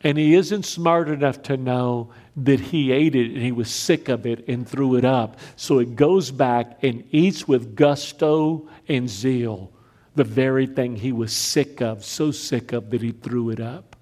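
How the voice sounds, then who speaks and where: A man preaching a sermon, telling stories with big swings between loud raised lines and quiet emphatic drops. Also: medium pitch, measured pace. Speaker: pastor.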